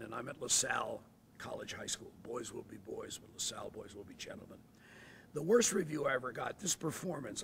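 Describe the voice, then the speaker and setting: A man in his sixties, an actor telling stories in an interview, animated and dropping to hushed asides. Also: medium pitch, vocal fry, a little hiss or hum. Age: 60s. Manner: animated, drops to hushed asides, acts out voices. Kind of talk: anecdotal storytelling. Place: theatre.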